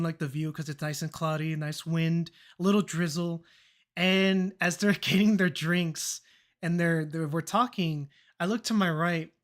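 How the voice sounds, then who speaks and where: Young adult streamer, mid-pitched voice, loose chatty storyteller who swears and laughs along, acts out every quoted line. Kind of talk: casual storytelling chat.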